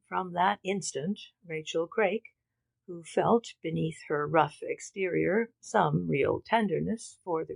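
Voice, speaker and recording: A woman narrating a mystery audiobook in a measured, dramatic reading. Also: on the low side, creaky, no echo, poor audio. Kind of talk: scripted narration.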